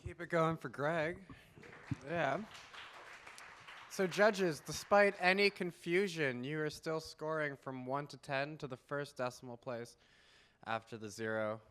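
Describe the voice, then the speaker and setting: A man's voice: on the high side, unhurried, fairly bright tone, slight background noise. A man hosting a live university poetry slam, joking with the crowd and counting down to each poet. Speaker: slam emcee. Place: university event hall.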